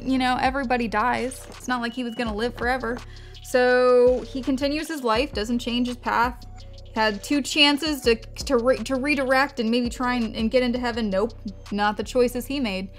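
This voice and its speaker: A woman with a voice on the high side and fairly even intonation talks at a moderate pace while doing her makeup. As a beauty vlogger, she casually tells a rambling, self-interrupting story full of tangents and free swearing, with soft music underneath.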